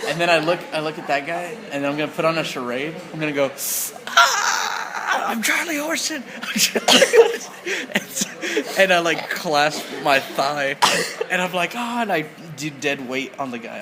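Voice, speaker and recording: A man's voice: a little high, steady tone, a little fast, heavy background noise. Eager man playing a tabletop game. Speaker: player.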